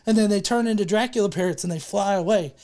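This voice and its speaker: A woman's voice: mid-range voice, quick pace, mellow. A woman chatting on a casual livestream, rambling through a silly made-up story while joking and swearing freely. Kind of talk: casual, profane livestream banter.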